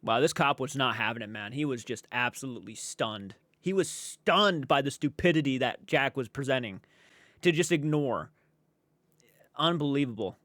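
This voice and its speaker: A man's voice: mid-range voice, expressive, moderate pace, a bit bright. A man giving casual, blunt reaction commentary, exasperated and swearing freely.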